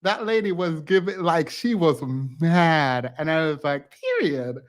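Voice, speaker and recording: Man streamer, unhurried, fairly high voice, tired, loose casual storytelling. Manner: chatty, rambling, laughs often. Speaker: live stream host. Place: home.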